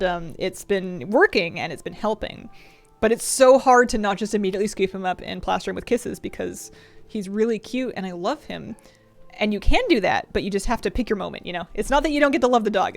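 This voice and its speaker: A woman's voice: mid-range voice, a little fast, creaky. A woman streamer chatting casually, rambling and affectionate, often restarting her sentences. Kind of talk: casual chat.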